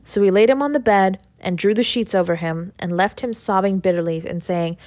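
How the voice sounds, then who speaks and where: A woman narrating a classic short story as an audiobook, in a measured, even reading. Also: medium pitch, no room sound. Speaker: audiobook reader.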